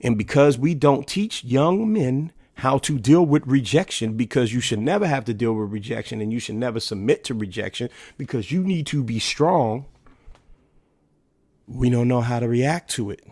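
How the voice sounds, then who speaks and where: A man's voice: mid-range voice, expressive, moderate pace, a little mellow, no room sound, studio quality. A man in his thirties hosting a solo podcast, talking casually and emphatically and asking rhetorical questions. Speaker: podcast host.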